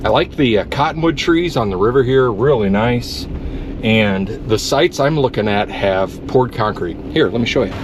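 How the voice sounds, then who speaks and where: A man's voice: mid-range voice, animated, normal speed, noisy background. A man vlogging his solo van camping trip in a casual, chatty way, talking straight to his viewers. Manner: chatty, talks directly to viewers as folks. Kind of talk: casual solo vlog narration to camera. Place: outdoors at a riverside campground in the rain.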